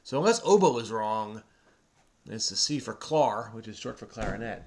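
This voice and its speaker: In a crossword video, a man speaks to a child who types while he patiently and chattily explains the clues as they solve together. His voice sits on the low side with a darkish tone, expressive and at a normal speed, with slight background noise.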